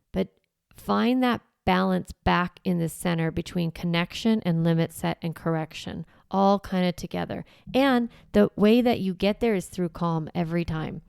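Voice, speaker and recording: A woman's voice: lowish voice, measured pace, creaky, a little mellow, clean tone, no echo, clean studio sound. A middle-aged woman hosting a parenting show, talking through ideas in a conversational, reflective way and often correcting herself mid-sentence. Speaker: parenting coach and podcast host. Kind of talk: casual teaching monologue.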